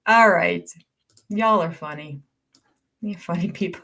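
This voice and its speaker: A woman's voice: fairly low pitch, slow pace, gravelly, pauses often. An older woman hosting a casual livestream, reading viewer comments aloud and often laughing as she goes. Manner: chatty, warm-hearted and easily amused.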